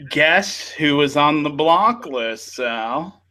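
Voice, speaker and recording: Host, male, slightly high and sharp voice, unhurried, laughs a lot. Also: animated, rough recording. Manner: joking, laughs often. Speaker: podcast host. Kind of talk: casual chat.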